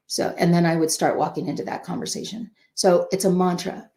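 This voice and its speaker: An older woman giving parenting advice in a casual chat, telling animated stories and acting out the dialogue. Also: on the low side, a little fast. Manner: animated storyteller who acts out quoted dialogue. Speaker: parenting guest. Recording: roomy echo.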